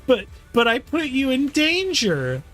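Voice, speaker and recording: A man's voice: extremely high pitch, wildly swooping pitch, unhurried, a bit bright, pitched above the performer's own voice, full character voice. A man voicing a timid, anxious young woman who speaks in a fretful, apologetic way.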